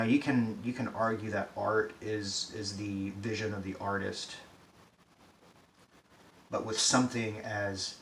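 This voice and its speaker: A man's voice: lowish voice, a bit bright. A man ranting in profane, exasperated, sarcastic commentary, recorded from a distance in a roomy space. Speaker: pop-culture commentator. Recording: roomy echo, distant mic, faint hiss.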